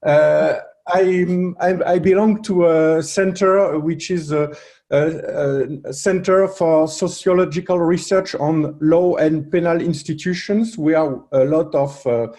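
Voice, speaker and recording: A man with a French accent presenting at a roundtable, pausing often with fillers and restarts. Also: on the high side, steady tone, mellow. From France. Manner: hesitant, many fillers and restarts. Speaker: panel speaker, researcher.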